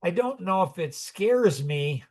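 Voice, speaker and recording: A man in his sixties talks through his own stories in a loose, rambling way, circling back and restarting his sentences. He chuckles often as he goes. His voice sits a little higher than most men's. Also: animated, unhurried, darkish tone. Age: 60s. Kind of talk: personal storytelling in conversation.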